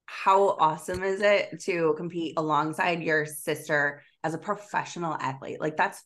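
A woman's voice: deep voice, steady tone, normal speed, a bit bright. Woman, podcast co-host, enthusiastic, casual swearing.

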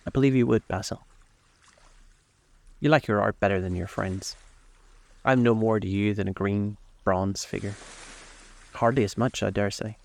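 A man reading aloud gives a desperate, vain young man in a storybook, lifting his low gravelly voice higher into an anguished plea. The youth sounds wounded and self-absorbed. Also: steady tone, moderate pace, long pauses. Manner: pleading, raised in pitch. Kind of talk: audiobook character voice.

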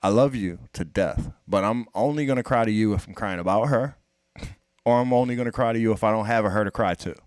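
A man's voice: on the low side, brisk, a little mellow, no room sound, studio quality. A man in casual podcast chat, profane and emphatic, pressing his point with rhetorical questions.

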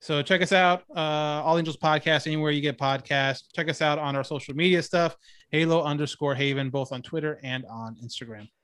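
A man's voice: fairly high pitch, fairly quick, fairly bright tone, dry recording, studio quality. A man guesting on a podcast, chatting easily and plugging his own show. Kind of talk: casual chat.

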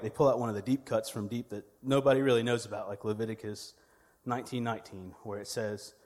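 A man's voice: mid-range voice, fairly even intonation, fast, few pauses, darkish tone, big-room sound. A man, delivering a sermon as a church media director, conversational and humorous with storytelling. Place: church sanctuary.

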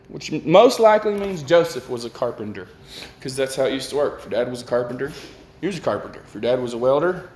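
A man's voice: a little high, a little mellow, reverberant. A man preaching a conversational sermon and putting questions to his listeners.

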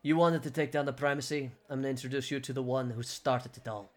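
A man's voice: medium pitch, steady tone, quick pace, close to an everyday voice. A man voicing a dry, sarcastic inquisitor. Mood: commanding. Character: stern male inquisitor, brisk and commanding.

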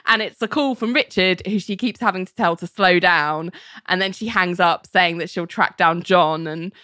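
A woman with a lowish voice, speaking at a moderate pace with no echo, hosts a casual podcast chat recapping a TV episode. She's an animated storyteller, retelling scenes and acting out quoted lines in put-on voices.

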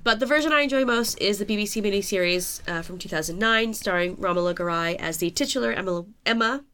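A woman's voice: mid-range voice, fast, pushed and bright, a little hiss or hum. A woman co-hosting a podcast, chatting casually from her notes, self-mocking and laughing at her own slips. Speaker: podcast co-host. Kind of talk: casual chat, talking through notes.

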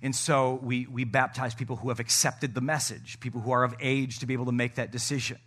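A middle-aged male pastor preaching a sermon, joking with the congregation and swinging between loud shouting and soft asides. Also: mid-range voice, level tone, fast, slightly rough.

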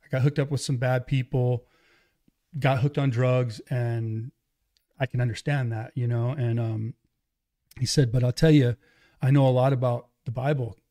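A middle-aged man, an evangelist, telling his life story in casual conversation, animated and acting out quoted dialogue. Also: medium pitch, normal speed. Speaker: guest, evangelist and pastor.

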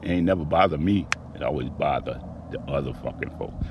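A man delivering a rhythmic spoken-word monologue about a personal grievance, profane and aggrieved, swinging between low mutters and loud outbursts. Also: moderate pace, noisy background. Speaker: storyteller recounting a personal grievance.

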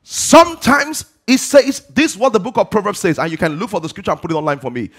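A man's voice: sits high, animated, fast talker, a bit bright. A man preaching a sermon to a congregation. He asks rhetorical questions and answers them himself, with emphatic rising delivery.

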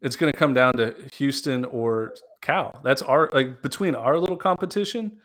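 A man co-hosting a casual sports podcast, talking through his picks in a relaxed way with plenty of fillers. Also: medium pitch, moderate pace. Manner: relaxed, thinks aloud with fillers. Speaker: podcast co-host.

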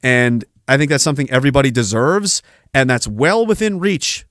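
A man's voice: mid-range voice, normal speed, a bit bright, dry recording, clean studio sound. A man, hosting a podcast in a profane, sarcastic ranting monologue. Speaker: podcast host.

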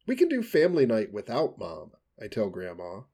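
Man, animated pitch, reads a novel aloud, playful character voices, laughing. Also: normal speed. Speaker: podcast co-host reading a book aloud. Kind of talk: casual chat and reading aloud.

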